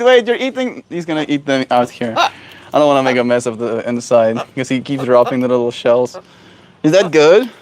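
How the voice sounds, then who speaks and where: A man on a casual live stream, doting on his pet bird outdoors in soft baby talk. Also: mid-range voice, slight background noise.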